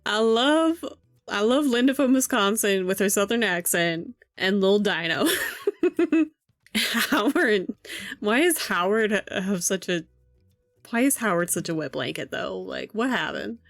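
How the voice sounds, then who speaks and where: A woman's voice: mid-range voice, expressive, a little slow, no room sound, clean studio sound. Amused, swearing woman streamer. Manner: profane, amused, laughing often. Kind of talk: reading a visual novel aloud with commentary.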